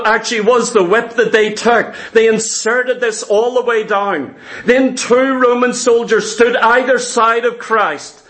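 A man's voice: sits high, a bit bright. A man preaching a sermon in an earnest, emphatic way, asking his listeners questions.

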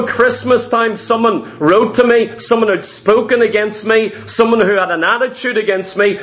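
Man, preacher, high voice, sermon, emphatic, repeats lines, rhetorical questions. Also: a bit bright. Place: church service in the morning.

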